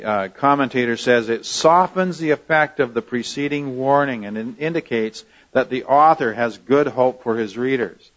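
Male preacher, explanatory sermon delivery with frequent restarts, mid pitch, slightly dull recording. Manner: teacherly, explains word roots, many fillers and restarts. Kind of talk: expository sermon.

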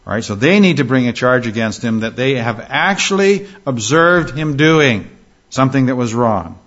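A man's voice: medium pitch, sing-song, a bit bright. Man teaching scripture with "all right?" asides. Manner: conversational, frequent "all right?" check-ins and filler pauses. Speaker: Bible study teacher. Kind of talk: verse-by-verse Bible teaching. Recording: slightly dull lo-fi recording.

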